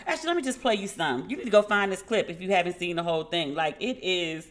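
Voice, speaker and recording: A woman hosting a podcast, chatting through pop-culture gossip in a salty, quick-aside way. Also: fairly low pitch, lively intonation, fairly bright tone. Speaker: podcast host. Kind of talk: casual pop-culture commentary.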